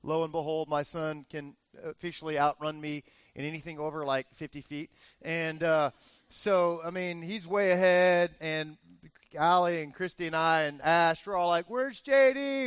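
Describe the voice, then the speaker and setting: A man in his forties preaching a sermon as pastor, telling a lively family story and acting out the cheers. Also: sits high, clear, resonant tone, dry recording. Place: church.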